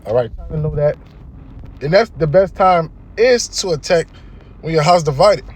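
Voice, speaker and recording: Animated and at a moderate pace, a man with a slightly high voice teaches scripture casually, with a little hiss or hum in the recording. He reads verses out, explains them in plain talk, and regularly checks in with the people listening.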